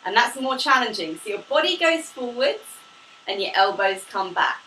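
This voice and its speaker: A woman's voice: on the high side, lively intonation, normal speed, bright, forceful tone. A woman teaching a pilates class, demonstrating the moves while she talks, upbeat and a little out of breath. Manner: upbeat, demonstrating while talking, laughs often. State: slightly out of breath from exercising. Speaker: pilates instructor. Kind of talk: live online fitness class instruction. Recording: echoey room, mic at a distance, faint hiss.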